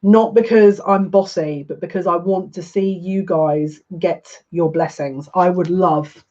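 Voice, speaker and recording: A woman's voice: on the low side, steady tone, a little slow, mellow, dull audio. A woman giving a live-stream tarot reading, chatty and emotional, talking back to viewer comments. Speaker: psychic reader.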